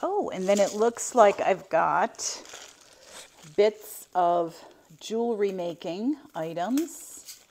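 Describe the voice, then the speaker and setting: A woman's voice: medium pitch, animated, slow pace, a little mellow, a little hiss or hum. A middle-aged woman chatting casually as she unboxes vintage finds, gushing and exclaiming often.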